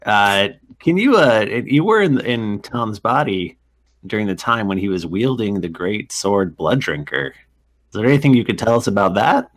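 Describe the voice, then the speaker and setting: A man running a tabletop game as game master, who speaks in a halting way and often breaks into chuckles. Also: fairly low pitch, very animated.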